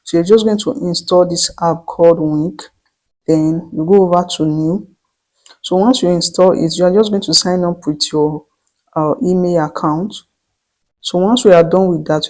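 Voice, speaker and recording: A tutorial host giving step-by-step instructions in a voice-over, with frequent restarts and slow dictation of prompts. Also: mid-range voice, fairly even intonation, darkish tone, low-quality recording. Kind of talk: screen-recorded tutorial voice-over.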